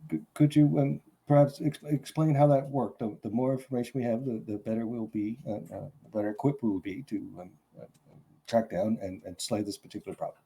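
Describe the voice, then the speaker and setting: A man's voice: mid-range voice, steady tone, a little fast, warm tone, breathy edge. A man playing Bismarck, a stammering demon slayer. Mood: earnest. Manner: stammering, formal, polite. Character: polite male demon slayer, nervous diplomat.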